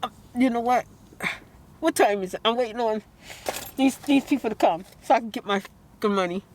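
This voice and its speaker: A high-voiced woman talks straight to her viewers in an upset, rambling vlog. She circles back over the same points and breaks into bursts of disbelief. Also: brisk, slight background noise. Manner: upset, rambling, repeats herself; outbursts of disbelief. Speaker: vlogger. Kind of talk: emotional vlog rant.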